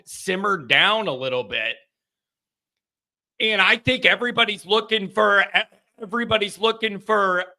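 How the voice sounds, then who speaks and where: A man's voice: high-pitched, sharp tone. A man hosting a casual live call-in show, rambling and repeating himself and laughing between thoughts. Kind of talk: casual live-stream chat.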